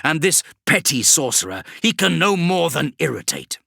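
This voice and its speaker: A man narrating as a towering demon lord from a sci-fi audiobook, measured and scornful, every word unhurried. The voice swings between low and high and has a bright edge. It is recorded dry and close. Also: big pitch swings, gravelly, dry recording, exaggerated voice. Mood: menacing. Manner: slow, deliberate, contemptuous. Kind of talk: audiobook character reading.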